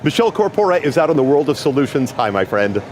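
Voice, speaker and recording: A man's voice: on the high side, sing-song, fast talker, a little hiss or hum. A man hosting a live event broadcast, upbeat and enthusiastic as he hands off to co-hosts. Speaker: broadcast host.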